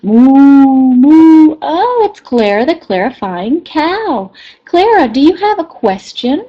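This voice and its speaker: A high, lilting cow puppet full of questions, put on by a woman reading to small children, stretching her words in a sing-song way with long moos. Her voice swoops well above a normal speaking voice. The recording sounds dull and lo-fi. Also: big pitch swings, takes it slowly, full character voice. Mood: curious. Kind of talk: storybook read-aloud for kindergartners.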